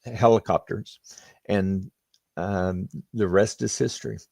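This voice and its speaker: An older man, a retired flight surgeon, telling stories in an unhurried, plainspoken way as a podcast guest. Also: on the low side, steady tone, vocal fry, a little mellow, no room sound. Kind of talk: conversational interview storytelling.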